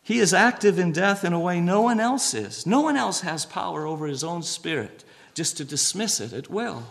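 A man preaching a sermon, reading scripture slowly and swinging between a hushed voice and raised, emphatic lines. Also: high-pitched, lively intonation, creaky. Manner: reads scripture aloud with slow emphasis.

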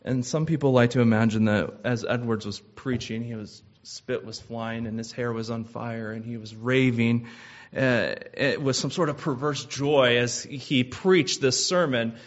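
Male preacher, earnest sermon, measured delivery, mid-pitched voice, slightly dull lo-fi sound. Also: steady tone.

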